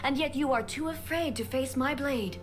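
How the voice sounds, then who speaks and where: An actress playing a stern, commanding female ruler in a game, speaking in a cold, formal and measured way. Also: sits high, faint music behind, close to an everyday voice. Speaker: game character.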